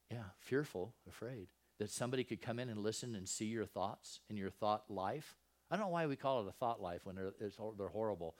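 A man giving a casual Bible teaching in a folksy, conversational way, often asking his listeners rhetorical questions. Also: lowish voice. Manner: folksy, repeats and restarts phrases. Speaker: Christian preacher.

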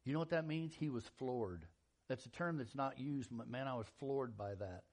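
A man preaching a sermon in a folksy, animated storytelling style, acting out quotes and jokes. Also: medium pitch, moderate pace. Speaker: pastor.

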